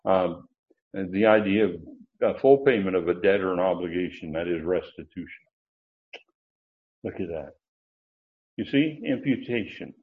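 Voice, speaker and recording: A man's voice: low-pitched, animated, moderate pace, long pauses. A man teaching a Bible study lecture, explaining Greek grammar with asides and self-corrections. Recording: dull lo-fi recording.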